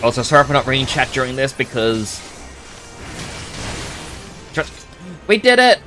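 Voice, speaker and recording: A chatty Australian man talks through a live game stream, upbeat and relaxed, stopping to thank viewers. His voice sits in an average range. Faint game music plays underneath. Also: mid-range voice, normal speed. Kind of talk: casual live game commentary.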